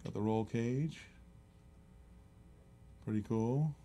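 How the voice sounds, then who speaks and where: A man's voice: mid-range voice, slow, mellow. A middle-aged man hosting a live-stream auction in casual, rambling chatter, often chuckling and reading out bids.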